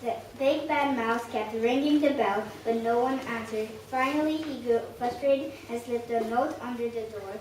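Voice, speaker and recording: A woman's voice: on the high side, moderate pace, hardly any pauses. Woman narrating a storybook in an echoey room. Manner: expressive read-aloud storytelling. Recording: echoey room, distant mic, faint hiss.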